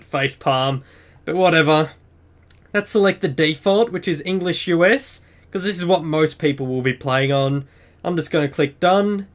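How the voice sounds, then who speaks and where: A man with a fairly high voice hosts a game tutorial. He chats casually and keeps an upbeat tone while walking the listener through each setting one step at a time. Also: moderate pace. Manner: chatty, upbeat, explains step by step. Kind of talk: screen-recorded game walkthrough.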